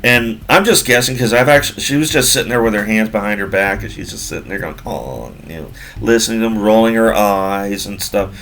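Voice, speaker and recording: A man's voice: fairly low pitch, fast, hardly any pauses, fairly bright tone, slight background noise. A man in his forties telling a casual story from work in a rambling way, with many fillers and repeats. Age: 40s.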